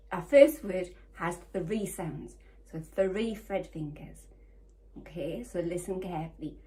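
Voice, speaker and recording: Slow, sing-song woman teaching phonics. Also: fairly low pitch, darkish tone. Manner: slow, sing-song, encouraging, sounding out letters. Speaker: primary school teacher. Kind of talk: phonics lesson for young children. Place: home or classroom, recorded for home learning.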